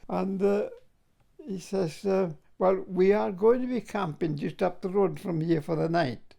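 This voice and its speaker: A man's voice: high voice, steady tone, a little slow, gravelly, warm tone. An older man from Scotland, a war veteran telling stories in an interview, chuckling and often adding "like, you know". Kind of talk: reminiscing in an interview.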